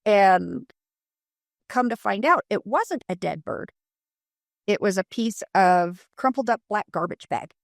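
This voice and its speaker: A middle-aged woman from Colorado telling a paranormal investigation story in a casual interview, animated and full of fillers, acting out quotes. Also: medium pitch, slow, creaky, no room sound, studio quality.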